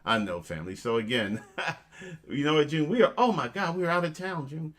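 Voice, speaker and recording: A man's voice: on the high side, expressive, moderate pace, fairly bright tone. A man hosting a casual show, joking around and giving motivational tips, calling his listeners family. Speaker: host.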